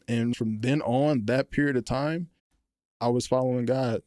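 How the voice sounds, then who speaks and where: A young man in his twenties, a college football player, telling his faith story earnestly on a podcast, animated when he retells moments. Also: medium pitch, moderate pace, dry recording, studio quality. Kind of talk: casual faith testimony. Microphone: podcast microphone.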